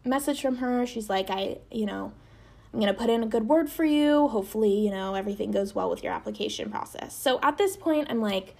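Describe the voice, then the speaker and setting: Speaking fairly quickly and with animation, this podcast host has a creaky voice with a darkish tone. The young woman, in her twenties, tells a personal story in a chatty style packed with fillers, her voice jumping high each time she quotes someone.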